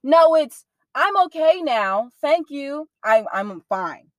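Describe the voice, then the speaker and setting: A young woman speaking candidly in an interview, in casual slang-heavy talk that turns animated when she quotes others. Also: sits high, slow pace, dry recording.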